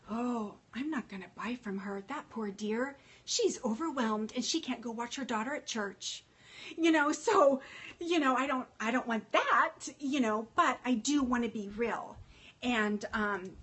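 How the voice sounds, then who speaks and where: Emotional rambling woman livestreaming, husky. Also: a little high, fairly bright tone. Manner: emotional, rambling, many fillers and restarts, greets viewers by name. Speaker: fashion consultant livestreaming to followers. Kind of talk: casual livestream chat.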